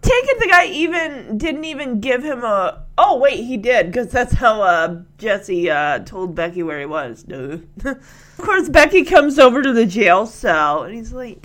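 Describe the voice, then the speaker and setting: A woman's voice: on the high side, big pitch swings, measured pace, fairly bright tone. A woman vlogger retelling a TV scene in a chatty way, laughing and acting out the characters' lines. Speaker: vlogger reacting to a TV clip. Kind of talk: casual reaction commentary.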